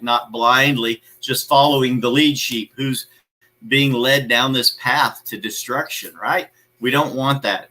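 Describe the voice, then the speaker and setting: Man, motivational host, live talk, emphatic, repetitive, bright tone. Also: mid-range voice, low-quality recording. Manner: emphatic, preachy, repeats key phrases; greets viewers' comments by name.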